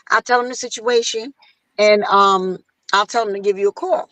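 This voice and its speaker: Animated woman telling a story. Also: moderate pace, no room sound, rough recording. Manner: animated, acts out quotes in a higher voice. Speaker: guest singer. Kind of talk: casual storytelling.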